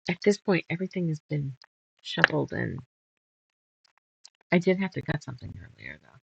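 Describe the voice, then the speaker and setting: A woman's voice: low voice, sing-song, normal speed, creaky, darkish tone, lo-fi sound, a little hiss or hum. A woman hosting a casual sew-along, muttering measurements and chatting while she sorts fabric pieces. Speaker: quilting channel host.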